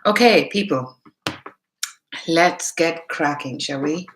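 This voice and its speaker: Over a noisy background, a woman with a deep voice takes her time. Speaking with a mixed Indian accent, she hosts a casual live tarot stream, calling out viewers by name and reasoning out loud through each card.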